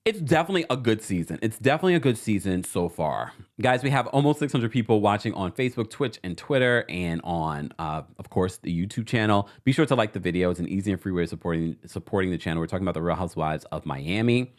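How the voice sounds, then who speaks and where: A man hosting a livestream recap of a reality show, talking in a sassy, animated way and addressing the cast members directly. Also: low voice, fast talker, few pauses. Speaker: podcast host.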